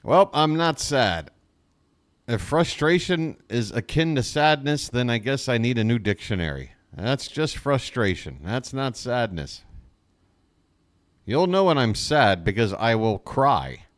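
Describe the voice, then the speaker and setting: Exasperated fan calling a baseball game. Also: male voice, mid-range voice, sing-song, unhurried. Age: adult. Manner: exasperated, sarcastic, jokey asides. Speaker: fan play-by-play host. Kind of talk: live fan play-by-play commentary.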